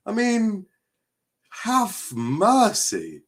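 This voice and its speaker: A man's voice: sits high, huge pitch swings, drawn-out words. A man hosting a live football watchalong stream, reacting with exasperation and frequent swearing as he chats to viewers.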